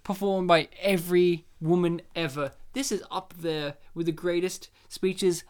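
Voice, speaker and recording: A man's voice: high-pitched, fairly even intonation, measured pace, clear, resonant tone. Joking man co-hosting a podcast. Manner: joking, swearing, laughing often. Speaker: podcast co-host. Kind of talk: casual film commentary chat.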